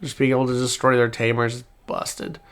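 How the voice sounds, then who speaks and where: A man's voice: medium pitch, completely flat delivery, fairly quick, fairly bright tone, smooth. A man hosting a card game channel, reading card text aloud with fillers and self-corrections in a casual review.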